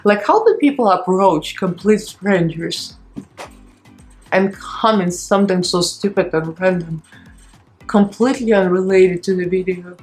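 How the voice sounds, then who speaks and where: A woman's voice: fairly low pitch, a little slow, darkish tone, soft background music. Chatty woman with a strained, shaky voice. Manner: rambling, candid, laughs between phrases. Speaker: beauty vlogger and fitness instructor. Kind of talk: chatty get-ready-with-me vlog. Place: home beauty desk.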